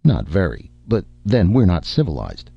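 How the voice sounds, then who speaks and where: A man voicing a blunt, scornful barbarian warrior with a husky growl, in a dull lo-fi recording. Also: sits low, huge pitch swings, normal speed, no echo, full character voice. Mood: gruff, dry. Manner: dry, curt, mocking.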